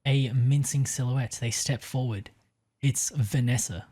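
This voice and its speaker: A man co-hosting a casual podcast, pitching a story with many hesitant fillers and easy laughs. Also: steady tone, unhurried, warm tone, breathy edge.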